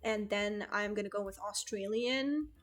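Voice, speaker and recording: A woman's voice: mid-range voice, normal speed, soft background music. A young woman streamer chatting casually with her viewers, rambling and correcting herself, laughing often. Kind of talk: casual chat with live chat.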